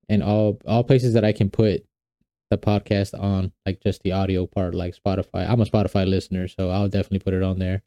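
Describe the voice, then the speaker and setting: A man's voice: fairly low pitch, warm tone, no room sound. A young man hosting his own podcast, talking casually and rambling with fillers and restarts. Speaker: podcast host. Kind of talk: casual solo podcast talk.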